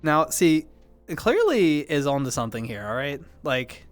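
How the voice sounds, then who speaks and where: A man's voice: on the high side, lively intonation, soft background music. A man hosting a casual livestream, answering chat in a rambling way, often correcting himself and apologizing. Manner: rambling, self-correcting, quick to apologize and laugh.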